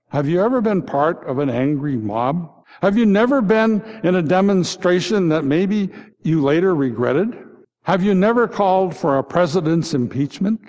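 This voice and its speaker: A pastor with a high-pitched, slightly mellow voice preaches a reflective Good Friday sermon, posing rhetorical questions again and again. The recording carries a long reverb.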